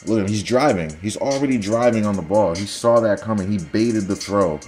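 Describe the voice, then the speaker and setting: A young man casually breaking down football highlights for viewers, analytical and sarcastic, talking straight to the audience. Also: brisk, darkish tone, soft background music. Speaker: football video commentator.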